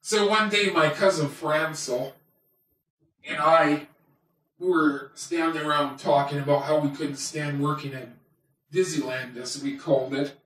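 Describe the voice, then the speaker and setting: A man's voice: a little high, steady tone, a little slow, fairly bright tone. Toy wolf, male, played by a man: slightly raised voice, rambling self-mocking storyteller, homemade comic monologue, echoey distant sound. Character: chatty male toy wolf telling his life. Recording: very echoey room, voice far from mic.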